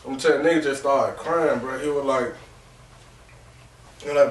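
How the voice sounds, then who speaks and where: A man's voice: fairly high pitch, steady tone, moderate pace, long pauses, a bit bright. A man in his twenties, a podcast host, telling a raw, rambling and emotional personal story with lots of "real talk" and "bro". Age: 20s. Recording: echoey room, distant mic.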